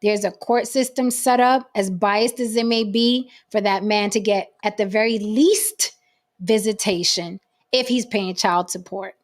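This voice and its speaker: A woman's voice: medium pitch, measured pace. A woman hosting a livestream talk show, speaking bluntly and emphatically with frequent profanity. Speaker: host.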